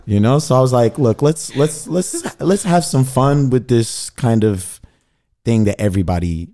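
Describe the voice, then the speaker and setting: A man's voice: mid-range voice, animated, a little slow, noisy background. A man chatting as a guest on a radio show, playful and laid-back, full of slang and jokes. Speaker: musician guest. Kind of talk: casual radio interview chat. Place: radio studio.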